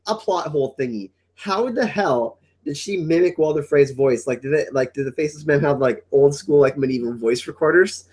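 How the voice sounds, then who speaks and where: A man hosting a casual livestream chat, excitable and rambling, often repeating his words. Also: a little high, normal speed, hardly any pauses, slightly rough. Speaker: livestream host.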